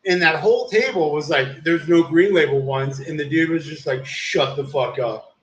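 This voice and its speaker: A man's voice: on the high side, normal speed, slight background noise. A young man telling a long story in casual, rambling talk, swearing a lot and saying "dude" constantly. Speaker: live streamer. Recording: echoey room.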